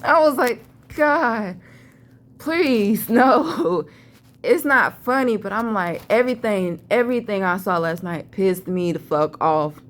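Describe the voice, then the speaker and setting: A woman's voice: medium pitch, expressive, normal speed, hardly any pauses, fairly bright tone. A woman vlogger, telling a rambling, profane, emphatic story about a vision. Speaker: spiritual vlogger. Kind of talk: casual storytelling monologue.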